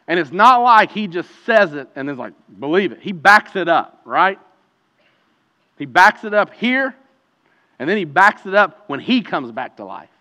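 A man with a bright, slightly high voice preaches an earnest, conversational sermon. He drops to hushed tones, then rises to loud emphasis. The sound is dull and lo-fi, with long church-hall reverb. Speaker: pastor. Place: church sanctuary.

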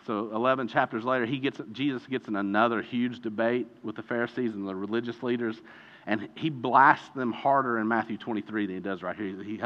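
Animated man preaching in an echoey hall. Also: mid-range voice. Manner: animated, emphatic preaching with dramatic slowdowns. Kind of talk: sermon. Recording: dull reverberant hall recording.

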